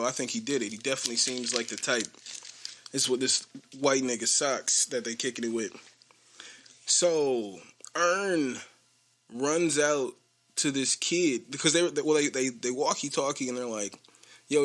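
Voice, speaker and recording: A man's voice: medium pitch, fairly bright tone. A man hosting a podcast, casually retelling a TV episode in a rambling way and acting out the characters' lines. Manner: rambling, acts out quoted lines, laughs often. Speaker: podcast host.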